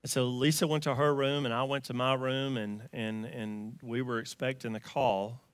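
A man with a Southern US accent preaching a sermon, telling a story and swinging from loud emphatic lines to quiet hushed ones. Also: mid-range voice, level tone, moderate pace, smooth, no room sound. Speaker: pastor.

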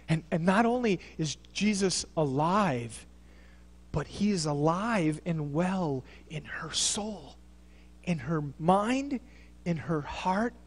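A man preaching a sermon as a pastor, retelling a story with dramatic swings between loud outbursts and hushed near-whispers. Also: on the high side, lively intonation, slow pace. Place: church sanctuary. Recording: long church reverb.

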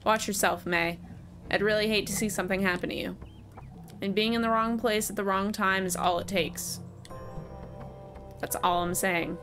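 Woman voicing a grim game cop, slow warnings, ominous, everyday pitch. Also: steady tone, music in the background, lightly acted. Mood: stern. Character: stern small-town police officer, ominous.

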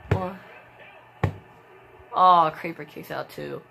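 A woman calls a wrestling video game match in casual play-by-play, full of gasps and sudden shrieks. Her voice sits low for a woman, and she talks slowly. Faint noise hums behind her. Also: creaky. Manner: excitable, gasping exclamations, frequent sudden shrieks. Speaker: gameplay commentator.

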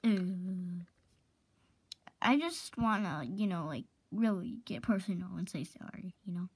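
A woman's voice: lowish voice, lively intonation, breathy edge, heavily acted. A woman voicing an awkward teenage girl who stumbles through a hesitant apology in a fan role-play drama. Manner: hesitant, halting, full of fillers.

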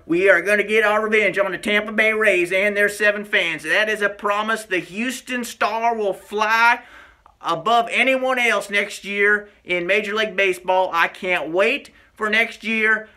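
A man doing a brash, boastful Texan superfan with a folksy drawl who calls everyone son. The voice sits up high and rings bright and cutting. It comes across as a loud comic vlog character. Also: no room sound.

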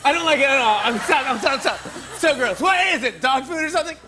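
A man's voice: very high-pitched, lively intonation, fast talker, over loud music. Squealing, giggly male talk show host. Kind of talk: playful game segment banter. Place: TV studio stage.

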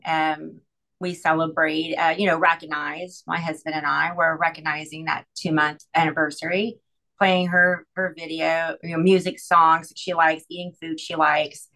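A middle-aged woman guest recounts a deeply personal story in a somewhat low voice. She speaks earnestly and haltingly, leaning on "you know" and restarting her sentences. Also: little pitch movement, sharp tone, low-quality recording.

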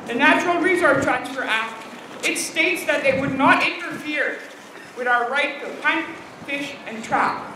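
High-voiced woman giving an impassioned rally speech. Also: unhurried. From Alberta, Canada. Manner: emphatic, repetitive, indignant. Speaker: First Nation leader. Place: outdoor rally in cold weather. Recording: echoey, distant, noisy outdoor crowd ambience.

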